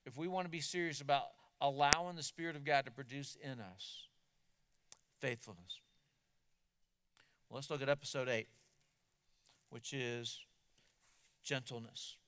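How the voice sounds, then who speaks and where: A man's voice: mid-range voice, steady tone, a little slow, pauses often, fairly bright tone, a little hiss or hum. A man preaching a sermon in an earnest, emphatic way, often repeating words as he builds a point. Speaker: pastor.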